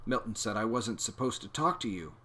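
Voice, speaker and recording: A man's voice: fairly low pitch, expressive, fairly quick, fairly bright tone. A man voicing a nervous young schoolboy who talks in a timid, pleading way.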